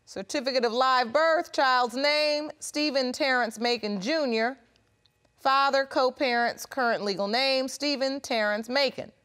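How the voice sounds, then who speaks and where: A woman's voice: high-pitched, measured pace, a bit bright, clear, resonant tone. A woman presiding as judge on a courtroom show, questioning witnesses firmly and pressing for direct answers. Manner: firm, probing, repeats questions to press for answers. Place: television courtroom set.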